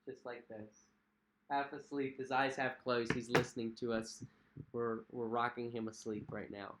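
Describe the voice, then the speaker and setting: A young man chats casually on a home livestream, reading out viewer comments and reacting in a friendly way. His voice sits in a middle pitch, and he leans on fillers and repeated phrases as he talks. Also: flat delivery, moderate pace, a bit bright, slight background noise. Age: young adult. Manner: chatty, friendly, repeats himself, frequent fillers. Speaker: cruise vlog host.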